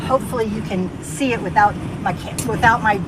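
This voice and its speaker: Woman vlogger, casual rambling phone-to-camera chat, mid-pitched, recorded inside a bus with clear storm noise. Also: fairly quick. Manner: chatty, exclaiming, rambling asides. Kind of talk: casual vlog talk to camera. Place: inside a bus home during a sandstorm. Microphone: handheld phone.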